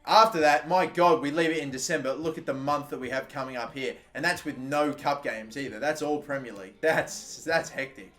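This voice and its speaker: A young Australian man giving exasperated, swearing commentary over his own football video game, with sudden loud outbursts. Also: a little high, brisk, hardly any pauses, faint music behind. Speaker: gaming YouTuber. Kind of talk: gameplay commentary.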